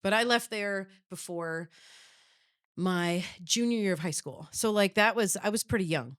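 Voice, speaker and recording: A woman's voice: medium pitch, normal speed, smooth, no room sound, studio quality. A woman in her thirties from Wisconsin, hosting a casual chat, with a faint Upper Midwest accent and a chatty, storytelling way of talking. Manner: chatty, storytelling, many fillers and restarts. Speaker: podcast host.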